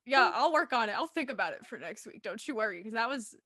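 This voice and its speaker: Bright-voiced, dramatic young woman co-host. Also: on the high side, lively intonation, quick pace, no room sound, clean studio sound. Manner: emphatic, dramatic, says "literally" often. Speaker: podcast co-host. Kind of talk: casual chat.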